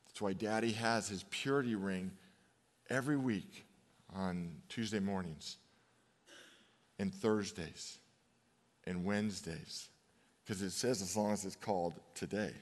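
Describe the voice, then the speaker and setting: A deep-voiced pastor in his fifties preaches a conversational sermon, sharing personal stories and slowing for emphatic pauses. The recording carries a long hall reverb.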